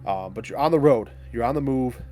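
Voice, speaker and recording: A man acting as game master who explains the rules and setting in a relaxed, conversational way with many fillers. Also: medium pitch, fairly quick.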